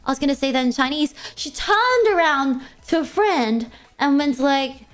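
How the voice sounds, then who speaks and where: High-voiced young woman rambling a story. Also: expressive, normal speed, soft background music. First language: English. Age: young adult. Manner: rambling storytelling, many fillers. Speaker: vtuber streamer. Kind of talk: casual chat.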